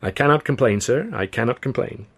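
A man's voice: mid-range voice, fairly quick, fairly bright tone, husky. A man doing a zealous aviator. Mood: earnest. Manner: earnest, formal, insistent. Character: serious adult male aviator, zealous about warplanes.

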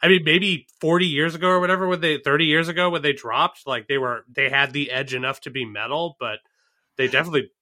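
A man on a podcast rants and jokes with a sarcastic edge, laughing often. His voice is very bright and cutting, pitched a little high. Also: steady tone, fast talker. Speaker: podcast co-host. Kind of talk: casual podcast chat.

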